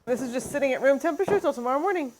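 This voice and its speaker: Talking straight to camera in her kitchen, this cheesemaking channel host has a high, expressive voice and rattles along rapid-fire over a noisy background. She's chatty and exasperated, with a self-mocking streak running through her casual vlog.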